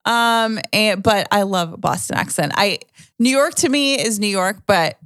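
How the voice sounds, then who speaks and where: A woman's voice: mid-range voice, gravelly, no echo, clean studio sound. A woman co-hosting a podcast in casual chat, talkative with frequent fillers, who also reads short news items. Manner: chatty, lots of fillers. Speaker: podcast co-host.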